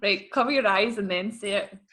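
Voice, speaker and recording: A young woman chatting on a podcast, her voice sitting at a middling pitch. She rambles through anecdotes in a relaxed, filler-heavy way, as if talking with a friend. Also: fairly quick. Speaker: podcast co-host. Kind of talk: casual chat.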